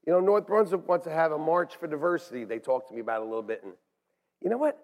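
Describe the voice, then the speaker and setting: A man preaching a sermon as pastor in a church, animated and swinging between hushed asides and shouts. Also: on the high side, fast talker. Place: church sanctuary. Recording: long hall reverb.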